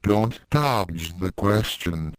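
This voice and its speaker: A man's voice: deep voice, lively intonation, very slow, no echo, full character voice, low-quality recording. Pushy blond teenage boy, voiced by a male storyteller, insistent, dry close sound. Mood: demanding. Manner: insistent, pressing questions.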